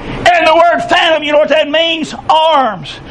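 A middle-aged man preaching a sermon, with impassioned delivery that swells into shouted emphasis. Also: extremely high pitch, steady tone, measured pace, slight background noise, poor audio.

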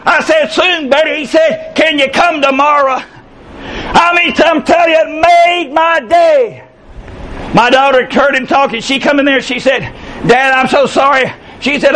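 A man in his sixties preaching a sermon, often breaking into passionate shouted emphasis. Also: very high voice, slight background noise, poor audio. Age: 60s. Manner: impassioned, bursts into shouting emphasis.

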